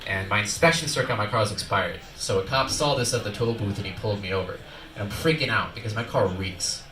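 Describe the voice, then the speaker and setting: A young adult man performing a stand-up comedy set on a club stage, telling a story in a lively, animated way with quick swings in his voice. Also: lowish voice. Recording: echoey club, voice from far off, loud crowd noise. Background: audience laughter.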